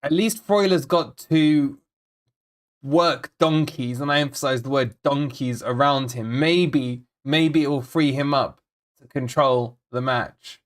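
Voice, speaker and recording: Speaking at an unhurried pace in a medium-pitched voice, a fan channel host chats casually through a live football watch-along. He keeps fretting about the team, rambling, repeating himself and reading viewers' messages aloud.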